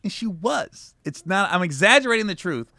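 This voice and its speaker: Male comic guest, bright forceful voice, lively storyteller, dry studio sound. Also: high voice, normal speed, no room sound. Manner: animated storyteller acting out quotes. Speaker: comedian guest. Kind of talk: casual interview storytelling.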